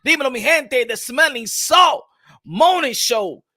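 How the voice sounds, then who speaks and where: A young man hosting a lively live-streamed boxing morning show, hyped and shouty, with street slang and Spanish phrases. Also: extremely high pitch, unhurried.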